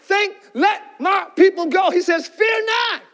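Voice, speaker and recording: A male pastor preaching a sermon with fervent energy, often shouting and calling out to the congregation. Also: very high-pitched, unhurried, a faint crowd.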